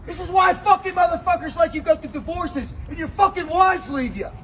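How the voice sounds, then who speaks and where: A man screams in a drill-sergeant tirade, berating without a pause. His voice is pushed very high and strained by the yelling. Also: slight background noise.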